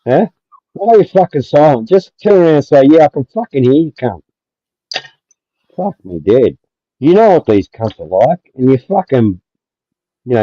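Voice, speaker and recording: A man's voice: mid-range voice, dry recording. A man hosting a livestream, ranting aggressively and swearing again and again. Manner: aggressive, swearing, repetitive, heated. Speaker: livestream host. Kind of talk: profane livestream rant. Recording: dull lo-fi dry stream audio.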